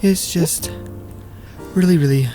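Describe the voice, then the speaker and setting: A gaming YouTuber doing let's play commentary, exasperated and talking back at the game, lurching between yelling and muttering. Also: mid-range voice, slow. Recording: voice with game music playing. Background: game music.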